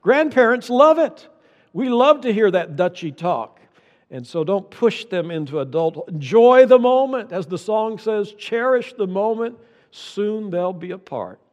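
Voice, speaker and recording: A man's voice: high-pitched, expressive, a little slow, a little mellow, dull audio. Folksy older man preaching in a hall. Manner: folksy, anecdotal, repeats key lines for emphasis. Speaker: pastor. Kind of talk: sermon.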